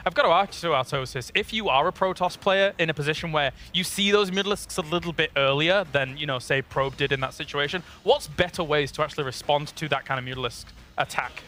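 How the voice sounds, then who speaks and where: Bright-voiced man hosting an esports desk. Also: a little high, slight background noise. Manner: leads the panel with questions and quick agreement.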